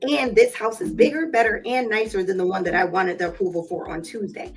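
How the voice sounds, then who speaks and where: A woman's voice: medium pitch, steady tone, a little fast, soft background music. A woman hosting a live stream from her home office, giving a casual motivational talk with chatty storytelling and calling listeners y'all. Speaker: live stream host and business owner.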